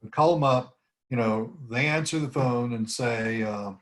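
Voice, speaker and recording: A man's voice: medium pitch, measured pace. A man leading an informal team meeting over a video call, rambling through tips and acting out sample phrases. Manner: rambling, demonstrates phrases with rising intonation. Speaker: team leader coaching cold calls.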